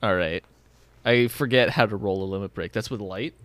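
A man's voice: on the low side, moderate pace, crowd noise. A man playing in a tabletop game, chatting casually with a dry, joking manner. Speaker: player.

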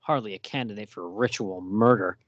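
A man reading a stern grown male comic-book hero's lines aloud in a slightly lowered voice, close to his own. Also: a little fast, no room sound, highs cut off, natural voice. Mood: terse.

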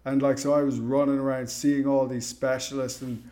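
Male podcast host, mid-pitched, frank and casual, swears freely. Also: level tone, normal speed, dark tone. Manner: frank and profane. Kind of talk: casual conversation.

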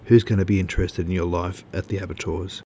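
A man's voice: deep voice, flat delivery, quick pace, darkish tone, a little hiss or hum, lightly acted. A man voicing a smug male magazine editor who lectures a writer over the phone. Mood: smug lecturing.

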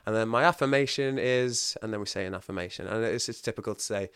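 A man with a low, smooth, resonant voice, talking casually as a guest. He tells animated stories and laughs often. The sound is dry and close. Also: quick pace, dry recording. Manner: animated, laughing, acts out quotes. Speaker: podcast guest. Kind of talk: casual storytelling chat.

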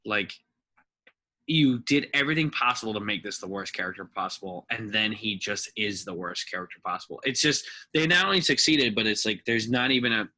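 A man co-hosting a casual film review podcast, rambling and animated, often mimicking dialogue from the film. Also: fairly low pitch, brisk. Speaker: podcast co-host.

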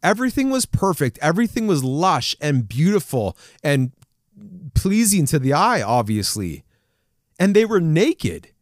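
Man, casual sermon, animated, expressive pitch, dry recording. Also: measured pace, no room sound. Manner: animated, acts out scripture figures, chuckles. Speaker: preacher.

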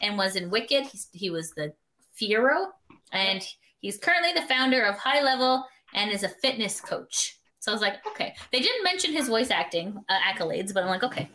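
Lively bright-voiced woman gushing. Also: medium pitch, normal speed. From Canada. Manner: gushing, giggly, easily sidetracked. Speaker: podcast co-host. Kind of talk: casual chat.

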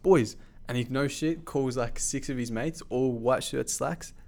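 A man telling a story in casual chat, animated and swearing freely, with lots of fillers. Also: mid-range voice, moderate pace, vocal fry.

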